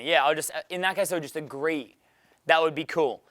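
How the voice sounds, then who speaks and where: A man's voice: a little high, normal speed, a bit bright, no echo. A young man running a dating seminar Q&A, brash and profane, laughing often. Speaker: dating coach. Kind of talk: live seminar Q&A.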